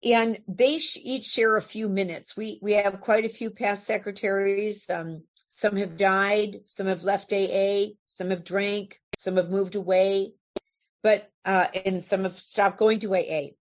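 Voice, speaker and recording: A woman's voice: medium pitch, fairly even intonation, a little slow, muffled recording. A woman from California giving an earnest, conversational talk to a recovery meeting, asking her listeners questions as she goes.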